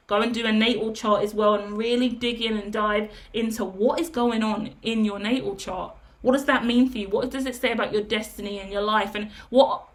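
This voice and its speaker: A woman giving a tarot reading straight to her viewers in a direct, coaching way, stacking up long repeated lists and checking in with "yeah?". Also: on the high side. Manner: lists things in rapid repetition. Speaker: tarot reader.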